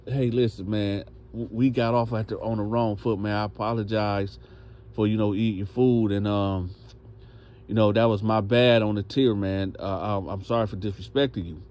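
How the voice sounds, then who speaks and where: A man's voice: lowish voice, steady tone, moderate pace, darkish tone, lightly acted. A man voicing a nervous young male inmate who stammers and mumbles.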